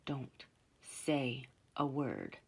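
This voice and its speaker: A woman reading a story aloud, voicing a big, gruff riverman who gives curt, hissed commands. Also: low voice, fairly even intonation, normal speed. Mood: hushed warning.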